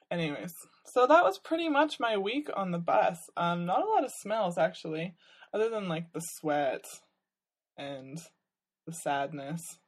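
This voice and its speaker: A young adult woman vlogging in a rambling, wry, comic monologue full of fillers and sighs. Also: lowish voice. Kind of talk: casual comedic monologue.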